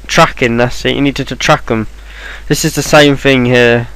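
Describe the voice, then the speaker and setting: A man's voice: mid-range voice, steady tone, moderate pace, fairly bright tone, clear, resonant tone, poor audio. A man talking through a game walkthrough in an offhand, rambling way, with plenty of ums and restarts. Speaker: game guide maker. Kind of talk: casual game walkthrough voice-over.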